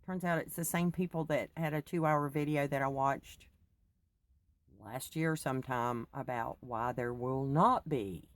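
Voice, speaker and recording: Low-voiced middle-aged woman vlogging, wired on coffee, keeps going off on tangents. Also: fairly even intonation, a little slow. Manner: chatty, digressive, laughs often. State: wired on coffee after little sleep. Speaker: faith vlogger. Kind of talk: rambling personal talk.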